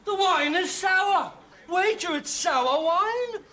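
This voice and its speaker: A man's voice: very high voice, lively intonation, takes it slowly, bright, forceful tone, heavily acted. A man playing a pushy, know-it-all restaurant diner in a 1970s TV sketch, talking over people in an overbearing, clowning way. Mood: boastful. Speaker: comic sketch performer. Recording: TV studio with audience laughter.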